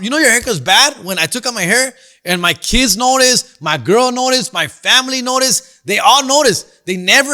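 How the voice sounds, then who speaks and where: A man's voice: high voice, sharp tone. A man hosting a comedy podcast, telling a story in a slangy, profane, casual way. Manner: answers listener questions.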